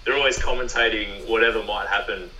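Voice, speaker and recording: Australian man, bright voice, roomy room. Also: on the low side, fairly even intonation, fast talker, slight background noise. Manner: rambling, lots of fillers and restarts. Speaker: professional beach volleyball player. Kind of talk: podcast interview. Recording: roomy, distant mic.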